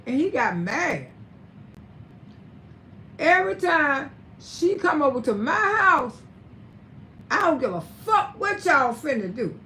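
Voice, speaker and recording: Live-stream host: older woman, high voice, blunt and profane, faint background hiss. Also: very animated, takes it slowly, gravelly, pauses often, pushed and bright. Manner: blunt, scolding, swears freely. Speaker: livestream host.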